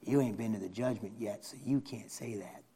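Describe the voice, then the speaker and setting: A man's voice: brisk, background noise. A man preaching a sermon, folksy, repeating phrases for emphasis. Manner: builds from low conversational to shouting fervor.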